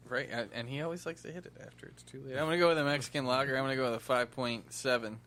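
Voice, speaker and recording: A man's voice: mid-range voice, fairly even intonation, very fast, a bit bright, a little hiss or hum. A man co-hosting a casual podcast, making dry, matter-of-fact remarks. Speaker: podcast co-host.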